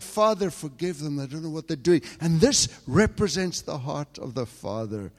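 A man from England preaches with a fairly high, lively-inflected voice at normal speed, barely pausing, with a long reverb tail. He tells a personal story, veering between hushed, quiet passages and loud, fervent outbursts.

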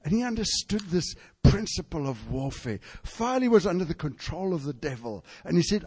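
A male preacher tells a story from the pulpit. His voice sits a little high but sounds mellow and soft, and it rings with a long reverb through a large hall. He starts halting and rambling, then rises to fervent emphasis. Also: big pitch swings, breathy edge. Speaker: pastor. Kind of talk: sermon storytelling.

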